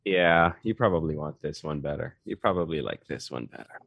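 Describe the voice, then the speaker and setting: A man's voice: very deep voice, lively intonation, fairly quick, gravelly, no echo, highs cut off. A man chatting as co-host, with dry, rambling, teasing humor. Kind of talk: casual chat.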